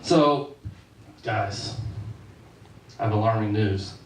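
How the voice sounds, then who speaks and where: A man's voice: fairly low pitch, slow pace, distant mic, a little hiss or hum. A male stand-up comedian performing a set on a club stage, with a casual storytelling delivery. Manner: conversational, storytelling. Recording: echoey club room, slightly off-mic.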